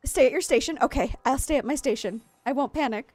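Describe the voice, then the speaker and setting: A young adult woman live-streaming a game, chatting casually with friends, excitable, giggly and easily flustered. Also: high-pitched, quick pace, few pauses, faint music behind. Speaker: streamer hosting a game party.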